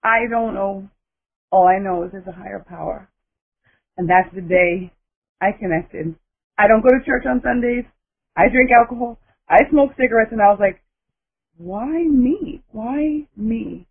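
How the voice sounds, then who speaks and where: A woman's voice: medium pitch, moderate pace, long pauses. A woman caller telling a dramatic personal story, emphatic and breathless in the telling. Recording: tinny phone line.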